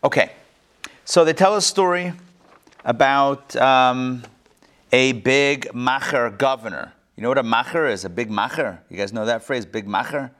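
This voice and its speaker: A man's voice: mid-range voice, moderate pace. A middle-aged man teaching a class, telling jokes and asking his listeners questions as he goes. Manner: animated storyteller, joking and asking the class questions. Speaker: class instructor. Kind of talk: lecture with jokes to a live class.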